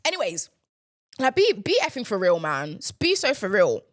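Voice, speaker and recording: A woman's voice: mid-range voice, wildly swooping pitch, normal speed, dry recording, studio quality. A young woman, hosting a podcast and ranting in an exasperated, repetitive way. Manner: exasperated, ranting, repeats herself. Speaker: podcast host. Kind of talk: casual ranting monologue.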